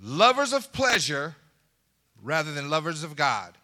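A man's voice: on the high side, big pitch swings, measured pace, sharp tone. A man preaching a sermon as pastor, with laughing asides and call and response to the congregation.

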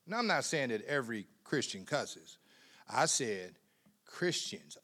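A man preaching a sermon in a conversational way, repeating words, laughing often, and swinging from quiet asides to loud emphatic bursts. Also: medium pitch.

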